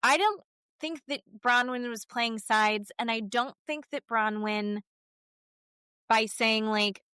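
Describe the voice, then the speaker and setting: This co-host speaks slowly, her fairly high voice bright, forceful and smooth, as she recaps reality TV on the podcast. She curses freely, stays blunt, and performs the cast members' lines. The studio sound is clean, with no echo.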